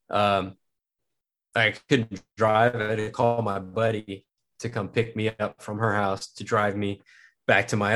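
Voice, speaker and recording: A man's voice: on the low side, fairly bright tone. A young man from Kansas, a podcast guest, telling a personal story in a casual, rambling way, full of filler words and swearing.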